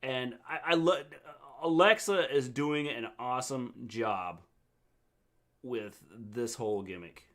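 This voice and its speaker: An older man co-hosts a casual livestream recap. He talks in a relaxed, halting way and often repeats his words. His voice sits at an ordinary middle pitch. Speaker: co-host, the host's father.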